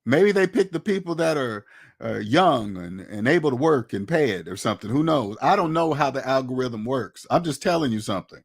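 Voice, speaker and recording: A man's voice: medium pitch, animated, brisk, creaky. A man giving casual, blunt commentary on money and taxes, lecturing his viewers with many rhetorical questions. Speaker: finance commentator. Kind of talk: casual opinionated talk to camera.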